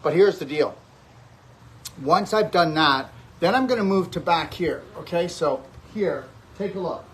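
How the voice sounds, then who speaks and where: A man's voice: fairly high pitch, lively intonation, measured pace, fairly bright tone. A man teaching a self-treatment routine on camera, emphatic and instructive, often checking in with "okay?" while he claps his own neck and back. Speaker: health coach demonstrating self-treatment. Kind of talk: instructional demonstration.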